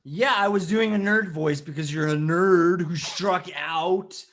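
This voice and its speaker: A man's voice: sits high, a little slow, fairly bright tone. A man playing a boastful, lovesick captain who runs a casino on a cruise ship, talking brashly and calling people brother. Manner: brash, calls people brother, swings into mopey sulking. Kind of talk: improvised comedy character.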